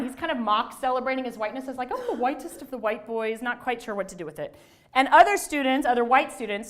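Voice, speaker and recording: A middle-aged woman, a religious studies scholar, giving a conversational lecture to an audience, with self-deprecating asides and restarts. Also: a little high. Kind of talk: lecture talk to a live audience.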